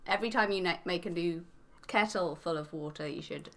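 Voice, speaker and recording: A woman from England with a mixed English accent, a podcast guest explaining things clearly and matter-of-factly. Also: lowish voice, a little fast, over a noisy crowd. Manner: clear, matter-of-fact instructing. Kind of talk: explaining, casual chat.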